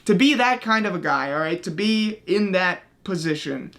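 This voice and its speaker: A man with a high, light voice rants about other people's choices in his own online commentary. He swears freely and sounds exasperated, pressing each point with a mocking "okay?" as he goes. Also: lively intonation, normal speed, fairly bright tone. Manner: profane, exasperated, keeps asking "okay?". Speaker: commentary YouTuber. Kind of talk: ranting commentary.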